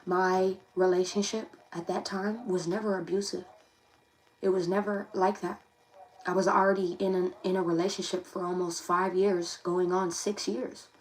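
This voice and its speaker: A woman's voice: fairly low pitch, level tone, moderate pace, poor audio. A young woman, reading tarot casually to camera in a confiding, emphatic way that repeats itself. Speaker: tarot reader.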